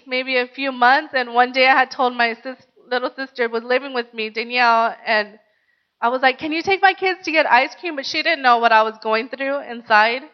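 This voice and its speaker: A woman's voice: high-pitched, highs cut off. A woman pastor sharing a personal testimony in an earnest, conversational sermon, often saying "like".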